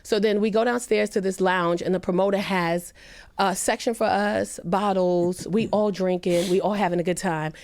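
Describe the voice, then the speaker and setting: A woman comedian on a podcast, telling a personal story earnestly and emphatically, her pitch rising when she quotes people. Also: fairly even intonation, moderate pace, a little mellow. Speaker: comedian guest.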